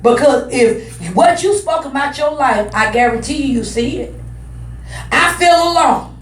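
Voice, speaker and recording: Woman preacher, very high voice, shouting and repeating her points, recorded from a distance in an echoey hall. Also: moderate pace. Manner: loud, emphatic, repetitive preaching. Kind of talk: sermon.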